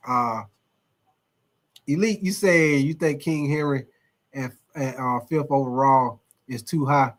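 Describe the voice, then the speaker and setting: A man's voice: mid-range voice, slow pace, pauses often. A man hosting a casual sports livestream, reading chat comments aloud in a loose, repetitive way, swearing and laughing often.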